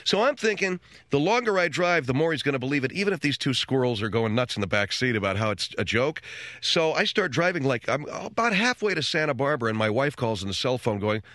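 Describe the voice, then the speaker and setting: Speaking fast in a sing-song, medium-pitched voice with a bit of brightness, a middle-aged man hosts a radio talk show. He rambles through comic tales full of wisecracks and impersonated voices, captured in a dry, clean studio recording.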